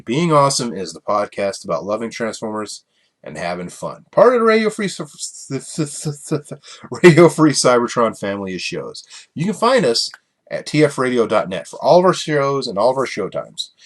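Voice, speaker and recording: A man hosting a casual solo podcast, rambling and chuckling through his stories with many fillers. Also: medium pitch. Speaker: podcast host.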